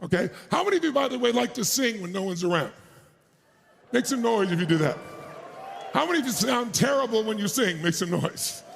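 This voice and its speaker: Gravelly, high-voiced man pumping up a crowd. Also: a little fast, a little hiss or hum. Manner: energetic, crowd-pumping, shouting; crude, joking asides. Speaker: motivational speaker. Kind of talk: motivational speech to a live crowd. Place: arena stage.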